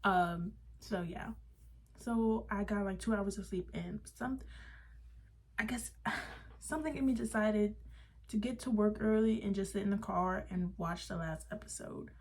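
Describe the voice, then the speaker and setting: A woman's voice: mid-range voice, unhurried, husky. A young woman vlogger ranting casually, swearing and laughing between phrases. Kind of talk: casual rant. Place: parked car.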